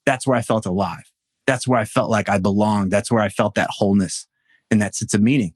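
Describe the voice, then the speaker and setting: Low-voiced man coaching, telling stories. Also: fairly even intonation, dry recording, clean studio sound. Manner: reflective storytelling, halting restarts. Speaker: men's coach, podcast guest. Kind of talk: podcast interview.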